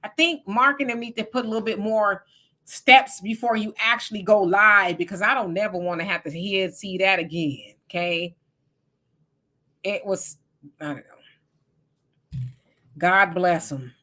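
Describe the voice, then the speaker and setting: Bright-voiced woman co-hosting a livestream. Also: medium pitch, a little slow, pauses often. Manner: reads viewer comments aloud, chatty and teasing. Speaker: livestream co-host. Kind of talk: casual live-chat commentary.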